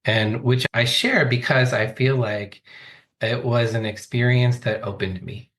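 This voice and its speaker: A man's voice: medium pitch, measured pace, fairly bright tone. A man in his forties, a coach, telling his life story as a podcast guest in a thoughtful, earnest way. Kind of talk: reflective interview talk.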